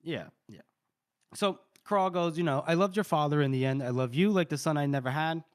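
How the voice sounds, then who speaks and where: A man's voice: fairly high pitch, brisk, clear, resonant tone, no room sound, studio quality. A man co-hosting a book podcast, casually retelling scenes with lots of "you know" and loose paraphrase. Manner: recaps dialogue loosely, many fillers like "you know". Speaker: podcast co-host.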